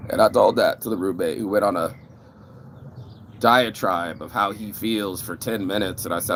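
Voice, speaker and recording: A man's voice: on the low side, brisk, noisy background. A middle-aged man ranting casually to camera, rambling and profane, with lots of fillers and restarts. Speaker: vlogger.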